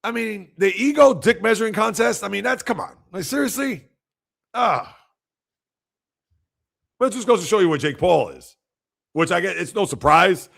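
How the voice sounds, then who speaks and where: A man hosts a casual sports livestream in a raised, gravelly voice. He rambles and fires off rhetorical, exasperated questions. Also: high-pitched, animated, moderate pace, long pauses, fairly bright tone.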